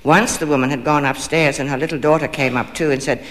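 A man reading a fairy tale aloud, measured and expressive, lingering on phrases. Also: on the high side. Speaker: storyteller. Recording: long hall reverb.

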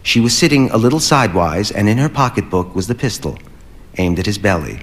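Man reading a story aloud, measured. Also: fairly low pitch, very animated. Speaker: narrator. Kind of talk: scripted audiobook narration.

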